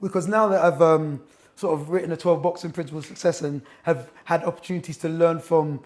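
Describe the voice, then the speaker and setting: A man's voice: fairly high pitch, fairly even intonation, a little fast. A man in his thirties, a boxing coach and author, telling stories as a chatty, enthusiastic guest in a gym. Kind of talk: casual interview chat.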